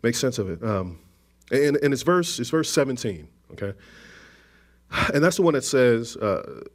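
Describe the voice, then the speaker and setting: A man with a lowish voice preaches a conversational sermon, often restarting, adding asides, and making gentle jokes to the congregation.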